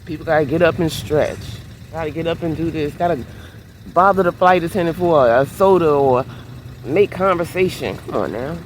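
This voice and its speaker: A woman's voice: low-pitched, moderate pace, slight background noise. A woman vlogger telling a casual storytime in a chatty way, sitting in a minivan by the beach. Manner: animated, chatty storytelling with exclamations.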